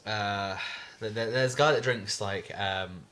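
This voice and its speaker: A young man chats loosely on a podcast, his voice sitting low yet sounding bright and forward. He stumbles through anecdotes with repeated words and fillers, circling back as he goes. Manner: rambling storyteller, halting with many restarts. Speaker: podcast co-host. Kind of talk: casual chat.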